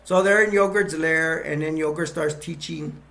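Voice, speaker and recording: A man with a gravelly, slightly higher voice casually retells a movie plot as a reviewer. He rambles, leaning on fillers and restarting his sentences often. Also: fairly even intonation, moderate pace, bright, forceful tone.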